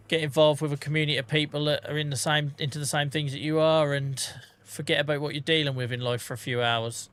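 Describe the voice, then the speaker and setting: A man in his forties talks casually to his livestream chat. His voice is bright and forward, and his manner is self-mocking and jokey, with light swearing as he plays. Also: mid-range voice. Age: 40s.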